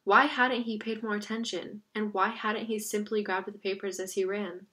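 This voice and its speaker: A woman narrating a novel in a steady, even voice. Her pitch sits in the middle range, and she reads at a measured storytelling pace. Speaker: audiobook reader. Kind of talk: reading a novel aloud.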